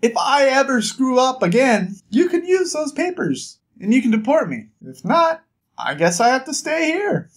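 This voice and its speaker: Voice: sits high, sing-song, normal speed, voice pushed up, exaggerated voice. A book vlogger voicing a brash, defiant young woman smuggler in an indignant, exasperated tone.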